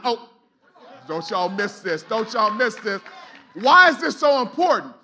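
A man's voice: high voice, big pitch swings, unhurried, bright, forceful tone. A man preaching a sermon in a church, exhorting the congregation with call-and-response and casual, colloquial asides. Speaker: pastor. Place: church sanctuary.

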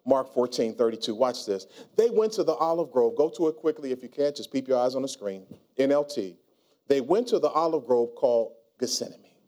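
A male pastor preaching a sermon, calling on the congregation to answer back and building to shouts. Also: medium pitch, animated, fairly quick. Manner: preaching with call-and-response and rising shouts.

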